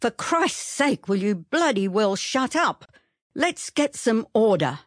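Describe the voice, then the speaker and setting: A woman voicing a loud, blustering middle-aged male town mayor, gruff and barking orders. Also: on the high side, big pitch swings, takes it slowly, no room sound, studio quality, voice pushed up, exaggerated voice.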